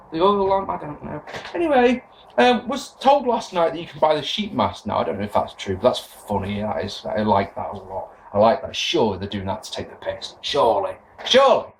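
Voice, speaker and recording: A man's voice: a little high, slight background noise. A young man recapping a wrestling show in a casual, sarcastic rant, swearing as he goes. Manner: sarcastic, swearing, animated rants. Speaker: wrestling podcast host.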